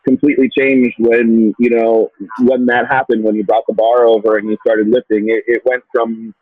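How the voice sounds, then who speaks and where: Podcast host guy, halting and relaxed, sounds like a dry tinny phone line. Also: mid-range voice, no echo. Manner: relaxed, halting, many fillers. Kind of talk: casual podcast conversation.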